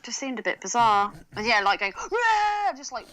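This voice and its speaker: A woman's voice: medium pitch, brisk, crowd noise, rough recording. A woman co-hosting a casual podcast chat, laughing often and using slang. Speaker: podcast co-host.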